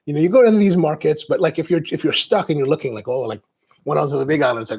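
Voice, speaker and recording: A man's voice: on the high side, racing, vocal fry, a little mellow, breathy edge. A man hosting a coffee show, chatting casually in a rambling way, drifting off on tangents and restarting his sentences. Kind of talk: casual chat.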